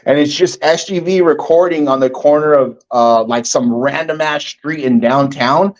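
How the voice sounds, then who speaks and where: Rambling, fairly high-voiced man telling a story. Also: moderate pace, highs cut off. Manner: rambling, filler-heavy, acts out quotes. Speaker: livestream guest. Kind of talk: casual chat, storytelling.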